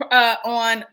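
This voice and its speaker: A woman's voice: fairly high pitch, sharp tone. A young woman as a podcast guest, talking casually and filling her speech with "like". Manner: chatty, frequent "like" fillers. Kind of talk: casual chat.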